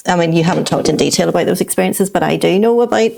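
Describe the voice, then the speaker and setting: A woman's voice: lowish voice, fast talker, creaky. A woman co-hosting a podcast in casual, heartfelt conversation, reflective and affirming, often restarting as she searches for words. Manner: warmly affirming. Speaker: podcast co-host.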